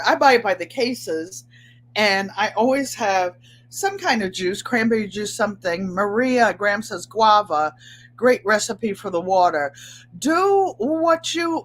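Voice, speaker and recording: An older woman with a mid-range voice hosts a sewing and crafts channel, with slight background noise in the recording. She chats casually with viewers live, rambling and often repeating herself.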